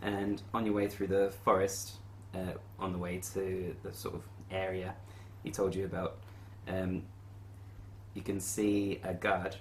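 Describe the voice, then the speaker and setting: A man narrating as game master in a tabletop game, relaxed and a little hesitant. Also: low-pitched, measured pace, echoey room, a little hiss or hum.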